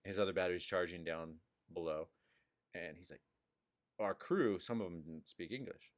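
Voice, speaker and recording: Male podcast host, low register, loose animated storyteller. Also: moderate pace. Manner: animated storyteller, swearing, laughing. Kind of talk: casual chat.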